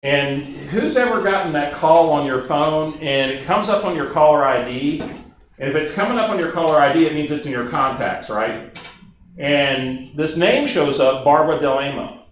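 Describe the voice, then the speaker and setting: A man's voice: fairly high pitch, normal speed, distant mic. A man giving a training presentation to a class, conversational and engaging, often asking the audience questions. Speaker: instructor. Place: classroom or meeting room. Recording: very echoey room, faint noise.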